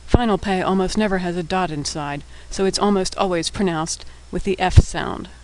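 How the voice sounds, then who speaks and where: A man giving a scripted lesson, naming each letter and explaining its sound in a patient, clear way. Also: sits high, normal speed, low-quality recording. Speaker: teacher. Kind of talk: scripted instructional narration.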